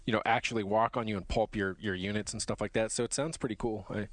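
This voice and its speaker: A man's voice: lowish voice, fairly even intonation, quick pace, fairly bright tone, no room sound. A man co-hosting a podcast, chatting casually and enthusiastically about games in long rambling stretches. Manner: enthusiastic, rambling gamer talk. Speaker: podcast co-host. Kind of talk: casual chat.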